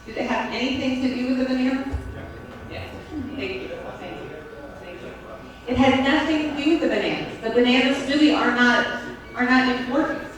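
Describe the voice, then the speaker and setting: In a school lecture room, a woman with a high voice lectures a class on teaching and the brain at a normal speed, keeping it conversational and often checking in with "right?" and "okay?". A crowd murmurs in the background, and the very echoey recording comes from a distant mic.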